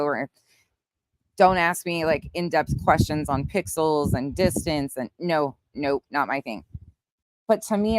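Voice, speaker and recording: The host of a casual livestream, a woman with a low voice, speaks bluntly to her viewers, calling out chat names and sometimes swearing. She's outside on a windy night, and there's no room sound.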